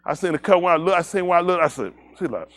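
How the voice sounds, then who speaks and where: Talking very fast, a man whose high voice rises and falls widely shares a rambling, laugh-filled story on a congregation's livestream. He is animated, loops back on himself with repeated "I said", and then shifts into preaching a moral, warning the young directly.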